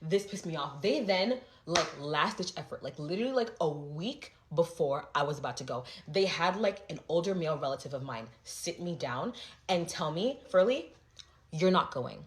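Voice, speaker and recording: A young adult woman telling a storytime vlog, animated and flowing, with lots of "like" fillers. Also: deep voice. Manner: animated, fast-flowing, heavy filler 'like'.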